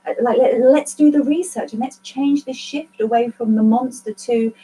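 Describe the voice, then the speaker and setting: A woman's voice: a little high, moderate pace, mellow, breathy edge, poor audio. A woman, speaking candidly to a support group she organizes, rambling and earnest and swearing freely. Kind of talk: candid casual group talk.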